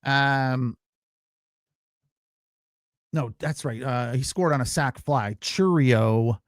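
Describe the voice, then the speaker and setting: A man's voice: medium pitch, slow pace, no echo, clean studio sound. A man hosting a casual sports podcast, ranting loosely with fillers, restarts and the odd swear word. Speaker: podcast host.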